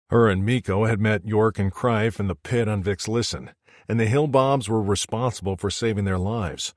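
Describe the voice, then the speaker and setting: A man reading first-person audiobook narration in a steady storytelling manner. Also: lowish voice, no room sound, studio quality.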